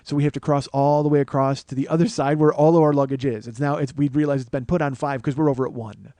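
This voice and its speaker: A man's voice: mid-range voice, steady tone, fast talker, mellow, dry recording. A man telling a comic story as a podcast host, profane and ranting with mock paranoia.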